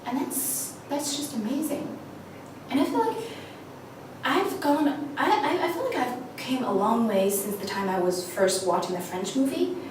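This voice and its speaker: A woman's voice: high voice, measured pace, slight background noise. Eager young woman, American accent, echoey room. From China. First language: Mandarin Chinese. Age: 20s. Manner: eager and animated, with frequent restarts. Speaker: actress auditioning. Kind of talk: audition monologue to camera. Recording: echoey room, mic far off.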